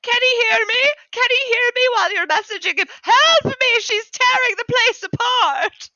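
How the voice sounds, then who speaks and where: A woman voicing a panicky, high-strung male servant who has no lower half, wailing and squealing in a tabletop game. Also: big pitch swings, unhurried, vocal fry, bright, forceful tone, no room sound, highs cut off, exaggerated voice. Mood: frantic.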